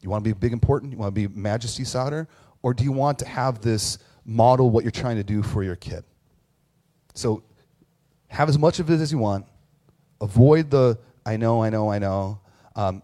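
Warm and mid-range, with lively intonation, a moderate pace, and long pauses, this male pastor preaches a candid, self-deprecating, conversational sermon. Before both his church and an online audience, his stories are peppered with fillers and restarts.

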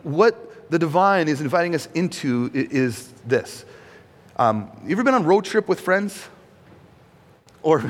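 Conversational male pastor in a reverberant hall. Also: a little high. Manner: conversational, asks the audience questions, acts out quotes. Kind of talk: sermon.

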